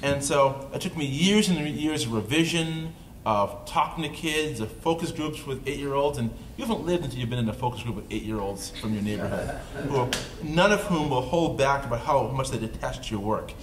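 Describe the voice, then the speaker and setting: A man's voice: mid-range voice, animated, brisk. Joking upstate New York man in a roomy hall. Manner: joking, self-deprecating. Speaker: author speaking at a panel. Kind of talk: casual panel talk to an audience. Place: dark indoor event room. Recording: roomy event-room recording, faint noise.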